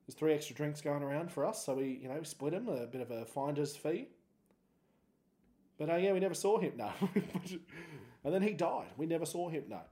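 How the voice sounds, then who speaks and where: The voice is fairly high, warm, and expressive, at a normal speed. It belongs to an Australian podcast host in his thirties who tells a story alone on his show in a laid-back, jokey, meandering style.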